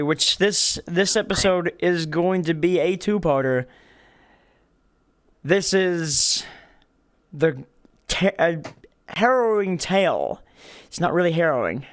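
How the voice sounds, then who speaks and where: A man's voice: high-pitched, animated, takes it slowly, pauses often, fairly bright tone. A man hosting a casual podcast, rambling and laughing, with many restarts. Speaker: podcast host.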